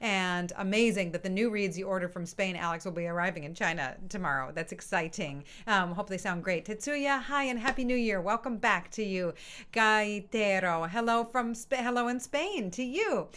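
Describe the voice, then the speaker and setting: A woman's voice: medium pitch, moderate pace, a bit bright, smooth. A woman hosting an online music session, chatting casually and greeting the participants one by one with frequent laughs. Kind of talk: casual live-stream welcome. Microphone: computer mic on a video stream.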